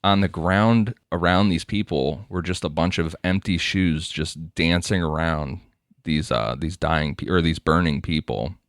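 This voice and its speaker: A man's voice: low-pitched, measured pace, no room sound, clean studio sound. A man hosting a podcast, narrating case details in a casual way and laughing often. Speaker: podcast host. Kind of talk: casual true-crime narration.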